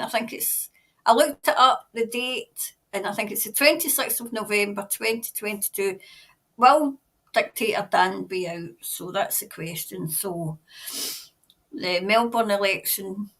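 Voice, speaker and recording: Scottish woman, high-pitched, tarot reader, emotional, shaky and breathless. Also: a bit bright. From Scotland. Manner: emotional, breathless, stops to compose herself. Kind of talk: tarot reading video.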